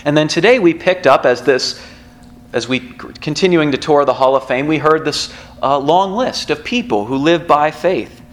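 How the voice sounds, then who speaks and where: A man's voice: a little high, normal speed. A man pastor preaching a sermon in a church, in a conversational storytelling manner with asides.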